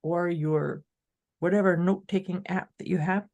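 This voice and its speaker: Female podcast co-host, upbeat and casual, mellow and slightly gravelly tone, talks to the audience directly. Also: lowish voice, fairly even intonation, normal speed, dull audio. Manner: upbeat, addresses listeners directly. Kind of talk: casual motivational chat.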